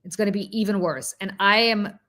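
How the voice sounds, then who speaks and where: A woman hosting a political talk show, telling a story in an animated, casual way with asides and restarts. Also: mid-range voice, a little fast. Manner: slips into mocking quoted voices of politicians. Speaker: political commentator and show host.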